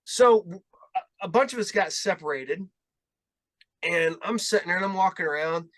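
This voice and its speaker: A middle-aged man hosting a podcast, telling rambling, animated stories in casual chat and laughing along. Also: sits high, normal speed. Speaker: podcast host.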